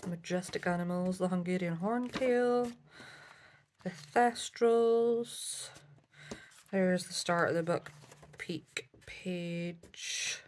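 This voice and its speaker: A woman chatting casually through a craft haul, with lots of ums and asides. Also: fairly low pitch. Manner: chatty, many ums, self-correcting. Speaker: craft vlogger. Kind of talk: casual show-and-tell haul.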